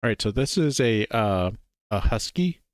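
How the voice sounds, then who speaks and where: A man's voice: on the low side, expressive, normal speed, no room sound, studio quality. A man in casual chat, joking and directing a visual novel reading. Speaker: co-host reading a game.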